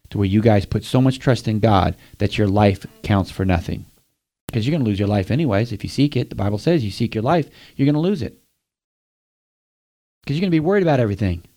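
A man's voice: lowish voice, brisk, mellow. A man preaching a sermon, speaking straight to his listeners and asking them questions. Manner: direct, asks the listeners questions.

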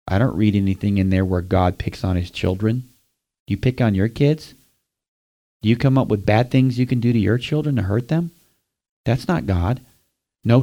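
A man's voice: medium pitch, warm tone. A man preaching a sermon, speaking straight to his listeners and asking them questions. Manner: direct, asks the listeners questions.

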